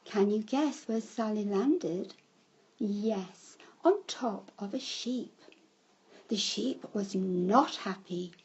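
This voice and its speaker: A woman telling a children's story in a slow storybook manner, breaking into shouted cries for the characters. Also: mid-range voice, slightly rough, muffled recording.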